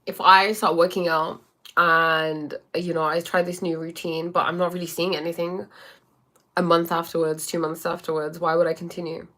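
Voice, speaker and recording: A woman's voice: fairly low pitch, flat delivery, normal speed, bright, forceful tone. A woman life coach chatting casually on a livestream, rambling with many fillers and answering viewer comments.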